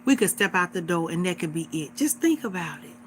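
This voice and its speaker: A woman's voice: fairly low pitch, big pitch swings, fairly quick, slight background noise. A woman in her forties hosting a livestream, talking to her viewers in an earnest, repetitive, exhorting way, like a casual sermon. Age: 40s. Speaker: livestream host.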